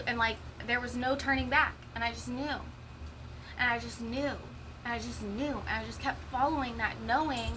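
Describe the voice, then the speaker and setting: A woman's voice: fairly high pitch, background noise. A woman telling her own story in a candid, emotional monologue, swearing freely. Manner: raw, profane, emotional storytelling. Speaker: vlogger sharing a personal story.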